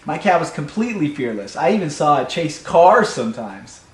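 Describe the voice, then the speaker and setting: A man telling a comic personal story in an animated, playful way, recorded in an echoey room. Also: fairly high pitch, moderate pace. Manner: animated, playful, builds to shouts. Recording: echoey room, faint hum.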